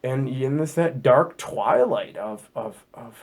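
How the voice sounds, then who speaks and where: A man hosting a podcast, talking through a Bible passage in a casual, animated, jokey way, often restarting and repeating words. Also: medium pitch, takes it slowly. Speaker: podcast host.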